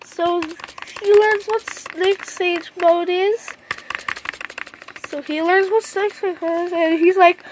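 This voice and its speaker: Very high-voiced woman rambling through a story. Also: steady tone, slow pace, slight background noise. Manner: rambling, repetitive, says "like" often. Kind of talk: casual improvised fan story retelling.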